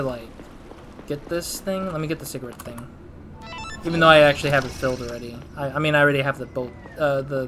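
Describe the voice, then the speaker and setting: A man's voice: a little high, a bit bright, slight background noise. A man playing a detective game, reading every part aloud and chatting casually with self-deprecating asides. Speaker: gamer reading and voicing dialogue. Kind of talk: casual let's play commentary.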